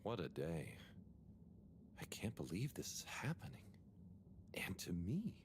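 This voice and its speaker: Shy mumbling game character, very low voice, wandering pitch, game audio with ambience under it. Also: male voice, wildly swooping pitch, unhurried, background noise, full character voice. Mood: muttering. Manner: mutters to himself, soft half-whispered asides. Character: shy, tired young man talking to his pet fish. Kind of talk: video game voice acting.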